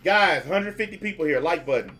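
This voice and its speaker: A man's voice: a little high, animated, a little fast, sharp tone, soft background music. A man, ranting bluntly and mockingly as a livestream host taking calls. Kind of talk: profane livestream rant.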